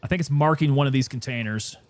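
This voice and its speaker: A man casually commenting while he plays a game and chats with viewers, relaxed and sometimes winded. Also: mid-range voice, fast. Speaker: gaming streamer.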